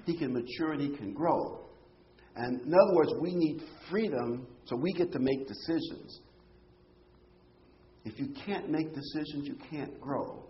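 A man's voice: a little high, unhurried. Male preacher, explanatory Bible teaching, rhetorical questions, slightly dull recording, faint background noise. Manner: explanatory, animated, punches key phrases, rhetorical questions.

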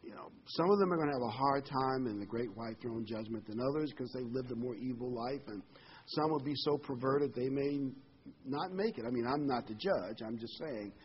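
A man's voice: medium pitch, husky, highs cut off. A man preaching a sermon in a conversational way, his voice lifting on key phrases.

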